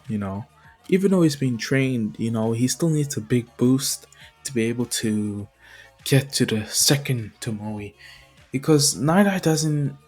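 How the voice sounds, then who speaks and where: A man's voice: medium pitch, darkish tone. A man casually retelling a fan story, rambling with many fillers and chuckles. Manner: rambling, full of fillers and laughs.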